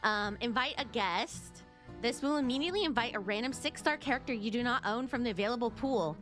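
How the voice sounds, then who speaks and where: A young adult woman streaming a video game, chatting excitedly to her viewers, often repeating herself and singing silly snippets. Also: on the high side, brisk, faint music behind. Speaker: VTuber streamer. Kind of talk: casual gaming stream chat.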